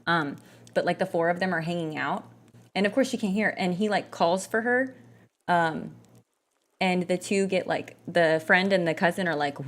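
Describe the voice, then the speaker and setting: A woman's voice: fairly low pitch, a little fast. A woman gaming vlogger chatting casually and rambling, with lots of fillers and restarts. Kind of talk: casual chat while gaming.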